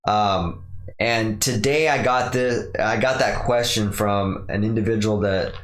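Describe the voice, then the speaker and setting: Podcast host, young man, lowish voice, casual rambling rant, recorded in an echoey room. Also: unhurried, fairly bright tone, slight background noise. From Pacific Northwest. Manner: casual, rambling, mimics other people's voices in quotes.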